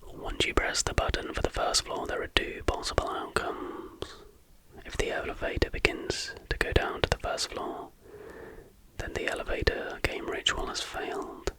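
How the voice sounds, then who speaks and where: A man, an ASMR host, whispering an urban legend slowly and deliberately, like step-by-step instructions.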